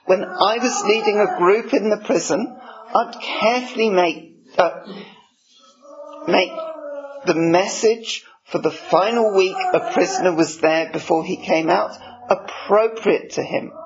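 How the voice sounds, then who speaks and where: A man preaching a sermon. He reads scripture in a measured way and explains it. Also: high voice, crowd noise. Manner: measured, slow reading of scripture. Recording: dull lo-fi recording.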